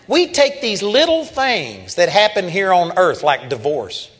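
A man's voice: sits high, big pitch swings, a little slow, fairly bright tone, breathy edge. A man teaching a live sermon at a seminar, plain-spoken and emphatic as he tells stories. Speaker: Bible teacher. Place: seminar hall. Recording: reverberant live hall recording.

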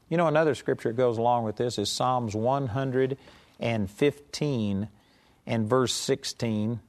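A man preaching a sermon, slowing down to stress key words and reading scripture passages quickly in King James phrasing, with conversational asides. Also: mid-range voice, darkish tone. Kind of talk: sermon teaching.

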